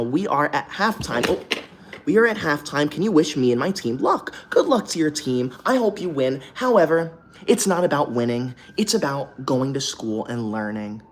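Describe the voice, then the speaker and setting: A man's voice: on the high side, a little hiss or hum. A young man hosting a livestream from a hotel room, reading super chats aloud and breaking into melodramatic, indignant outbursts. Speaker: livestream host.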